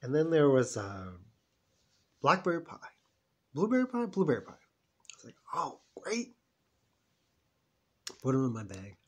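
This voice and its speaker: A man's voice: medium pitch, wildly swooping pitch, moderate pace, long pauses, a little mellow, breathy edge. A man in his fifties telling an emotional personal story in a rambling, heartfelt vlog. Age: 50s. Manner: emotional, rambling, talks to himself in quoted voices. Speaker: vlogger.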